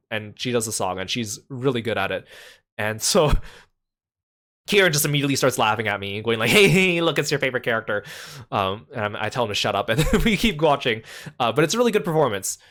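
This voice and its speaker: A man's voice: mid-range voice, expressive, fairly quick, a bit bright. A man casually recapping a trip in a chatty voice, full of fillers like "like" and "uh".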